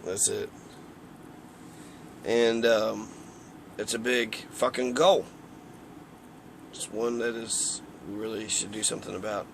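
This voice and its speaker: A man's voice: fairly low pitch, level tone, slow, creaky, pauses often, noisy background. A man giving a casual, heated political rant, rambling and swearing often. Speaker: political commentator.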